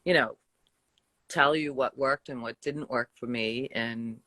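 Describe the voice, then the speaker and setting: A woman's voice: extremely low pitch, unhurried, sharp tone, no echo. An older woman from the Boston area with a Boston accent, chatting casually with a friend and laughing often. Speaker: co-host. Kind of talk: casual chat.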